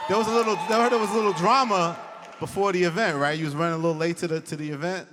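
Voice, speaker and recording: A man's voice: sits high, fairly even intonation, rapid-fire, long reverb tail, heavy background noise. A man hosting a casual interview, prompting his guest with short questions and interjections.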